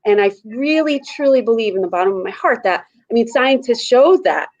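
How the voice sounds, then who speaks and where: A woman's voice: fairly high pitch, expressive, brisk, lo-fi sound. A mother on a panel, talking earnestly and thinking aloud as she reflects on fear and anger in her community. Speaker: panel guest. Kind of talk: casual reflective chat.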